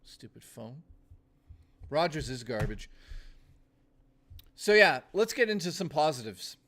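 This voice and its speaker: A young adult man chatting casually on a live stream, ranting with lots of swearing and quick laughs. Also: fairly high pitch, sing-song, a bit bright. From Canada.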